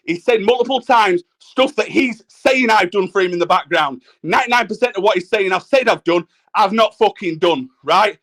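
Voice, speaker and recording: A high-pitched man venting in a furious, expletive-laden rant. He talks over everyone on a livestream panel, hammering home the same points. His voice stays pinched and high throughout the quarrel. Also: a bit bright. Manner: angry, ranting, swearing constantly. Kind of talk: heated argument on a livestream panel.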